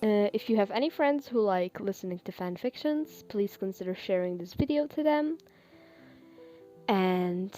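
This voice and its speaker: A woman's voice: medium pitch, mellow. A woman reading fan fiction aloud and then chatting casually with listeners, with fillers and small laughs. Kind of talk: casual storytelling and chat.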